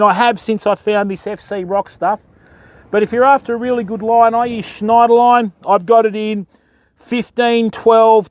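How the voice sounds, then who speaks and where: An Australian man hosting a live fishing stream outdoors, chatting as he rigs his line and greets viewers in chat by name. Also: sits high. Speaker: fishing livestream host. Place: outdoors on a beach.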